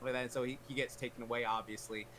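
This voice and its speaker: A man's voice: medium pitch, level tone, quick pace, pushed and bright. Guy rambling through a movie plot on stream, says like constantly, faint noise behind. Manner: rambling retelling full of "like" fillers. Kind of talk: casual livestream chat.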